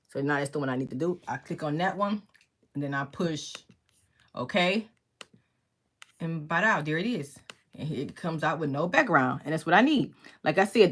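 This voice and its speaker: A woman with a low, deep speaking voice runs a casual crafting tutorial from her home workspace. She talks fast and keeps checking in with the viewer as she goes. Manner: fast-talking, checks in with "okay?" often. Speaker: crafting instructor. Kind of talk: casual screen-share tutorial.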